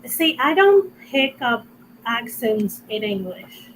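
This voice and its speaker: Slow-talking Puerto Rican woman. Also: on the high side, very animated, slight background noise, low-quality recording. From Puerto Rico. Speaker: writer co-host. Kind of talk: casual chat on a livestream.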